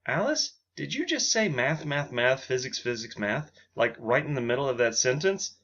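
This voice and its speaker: A man's voice: medium pitch, lively intonation, moderate pace, fairly bright tone. A man voicing a dry, skeptical young man, on a dull lo-fi recording.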